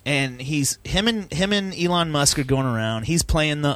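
Texas guy cohosting a podcast, swearing and ranting hard, voice a bit high, dry sound. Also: moderate pace, a bit bright, no room sound. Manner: profane, heated ranting. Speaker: podcast co-host. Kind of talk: casual podcast banter.

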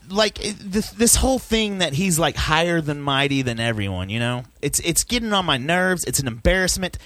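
A man from Texas holds forth on a casual podcast, cursing freely and getting worked up as he rants. His voice sits a little on the high side. The recording is dry and close. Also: fairly bright tone, no echo. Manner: profane, heated ranting. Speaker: podcast co-host.

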